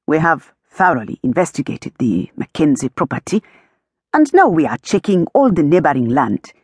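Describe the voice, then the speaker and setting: Audiobook role: a formal, stiff middle-aged police chief with a measured, dry delivery, voiced by a woman. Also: sits low, sing-song, a little mellow, slightly rough, no room sound, heavily acted. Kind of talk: audiobook character voice.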